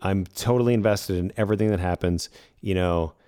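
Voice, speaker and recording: Casual podcast co-host, male, very low voice, rambling and jokey delivery with the odd curse. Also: a little fast, warm tone, clean tone, no echo, clean studio sound. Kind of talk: casual film chat.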